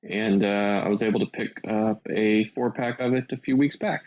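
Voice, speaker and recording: A man co-hosting a podcast in casual chat, pausing often with fillers and restarts. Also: fairly low pitch, steady tone, narrow, tinny audio. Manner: hesitant, lots of fillers and restarts. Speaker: podcast co-host.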